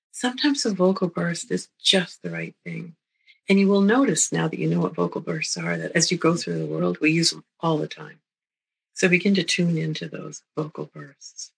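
A middle-aged woman lectures as a therapist, her voice gravelly with a breathy, husky edge. She speaks gently and unhurriedly, repeating herself and checking in with her listeners as she goes. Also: on the low side, lively intonation, moderate pace, rough recording. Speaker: therapist teaching a psychology talk. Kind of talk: recorded lecture.

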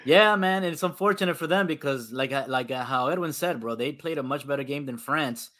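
A man's voice: medium pitch, brisk, sharp tone. A man in casual sports chat on a podcast, blunt and jokey, with the odd swear word.

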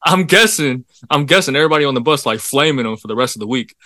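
A man's voice: medium pitch, expressive, quick pace, bright, forceful tone, no room sound, clean studio sound. A young man co-hosting a casual podcast, telling an anecdote in a laid-back, profane way and laughing often. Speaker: podcast co-host. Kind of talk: casual chat.

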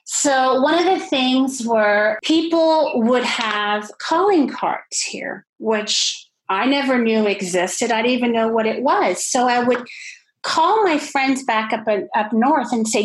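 Animated Canadian-born woman telling stories. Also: fairly high pitch, measured pace, rough recording. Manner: animated storyteller, acts out phone chats with friends. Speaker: business founder guest. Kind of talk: podcast interview.

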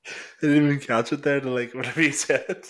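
A man's voice: medium pitch, steady tone, brisk, fairly bright tone. A young man with a Northern Irish accent, co-hosting a podcast in casual chat, rambling with lots of "like" and swearing. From Northern Ireland. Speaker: podcast co-host. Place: small home studio.

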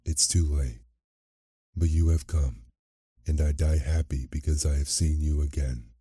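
A man voicing a shy, kind beast in a storybook, speaking faintly and softly. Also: rumbling low, fairly even intonation, measured pace, breathy edge, no echo, clean studio sound, full character voice. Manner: faint, soft-spoken. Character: dying gentle male beast, shy and kind.

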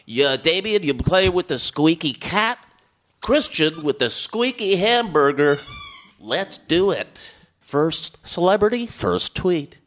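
A man's voice: on the high side, very animated, slow, fairly bright tone. A man hosting a comedy game show with a sassy, campy announcer manner.

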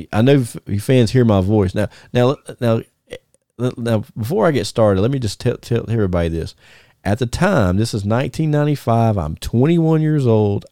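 A gravelly, mellow-voiced man, a former wrestler spinning stories on a podcast. He laughs often and stumbles through restarts as he talks. The recording is dry and close. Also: lowish voice, no room sound. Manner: animated, laughing storyteller with many restarts. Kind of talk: casual storytelling chat.

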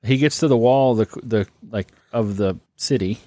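A man with a fairly low voice co-hosts a casual podcast, walking through a story with relaxed, jokey asides. The sound is dry and close, with no room behind him. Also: normal speed, no room sound. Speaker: podcast co-host. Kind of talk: casual podcast chat about the Bible.

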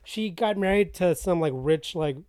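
Lower-voiced woman rambling in chat. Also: lively intonation, moderate pace, mellow, dry recording, clean studio sound. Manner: rambling, heavy use of "like". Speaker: podcast co-host. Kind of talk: casual chat.

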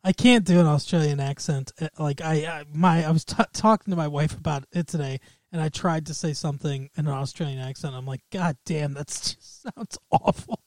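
A man's voice: on the high side, brisk, a little mellow, no room sound. Laughing, rambling podcast host man. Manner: laughs often, rambling and playful. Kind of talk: casual chat.

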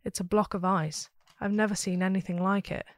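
A woman's voice: medium pitch, little pitch movement, fairly quick, no echo, natural voice. Woman playing a curt, skeptical father, dismissive. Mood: gruff.

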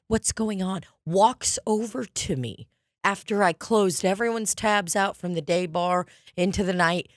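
A woman's voice: fairly low pitch, unhurried, no echo, studio quality. A woman co-hosting a podcast, telling a bar story as a profane, ranting casual chat. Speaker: podcast co-host.

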